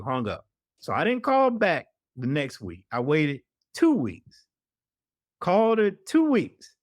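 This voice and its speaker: A man's voice: on the high side, huge pitch swings, measured pace, no echo, studio quality. A middle-aged man, an investigative reporter telling a story in an interview and acting out the people he quotes. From Atlanta, US South.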